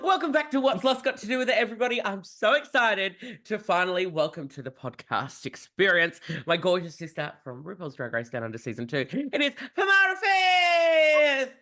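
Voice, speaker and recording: A man's voice: high voice, expressive, fairly quick, hardly any pauses, pushed and bright. An Australian man hosting a podcast as a drag performer, bubbly and gushing, tired from jet lag. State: jet-lagged, yawning. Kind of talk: casual chat.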